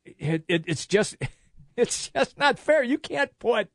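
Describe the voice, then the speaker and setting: A man's voice: very high-pitched, animated, slow pace, fairly bright tone, dry recording, studio quality. An older man co-hosting a casual talk show, ranting in an exasperated way with many restarts. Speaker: co-host.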